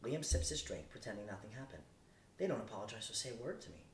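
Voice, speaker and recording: A man reading a first-person novel aloud in a steady, plain way. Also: quick pace. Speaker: audiobook reader. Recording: roomy distant recording, faint rumble.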